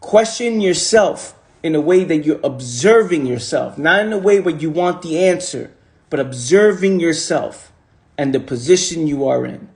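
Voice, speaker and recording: Guy preaching motivation on a phone live, pretty high voice, keeps repeating himself for emphasis. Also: animated, normal speed. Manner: casual slang. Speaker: motivational speaker. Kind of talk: motivational livestream talk. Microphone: phone on a livestream.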